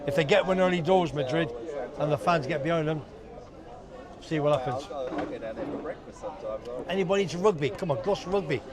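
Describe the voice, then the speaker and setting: A man talking as a guest on an outdoor livestream, his voice pitched a little high. He rambles and restarts, and fillers are scattered through his sentences. Steady crowd chatter fills the busy bar behind him. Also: a little fast, pauses often. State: lingering cough. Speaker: guest on a live chat show. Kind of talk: casual banter on a livestream.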